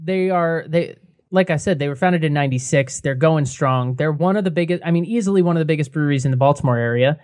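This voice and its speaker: Young male co-host, chatty, giggly, a touch high, dry sound. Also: fast, a little mellow, dry recording. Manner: chatty, laughs often, self-correcting. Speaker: podcast co-host. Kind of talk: casual beer review chat.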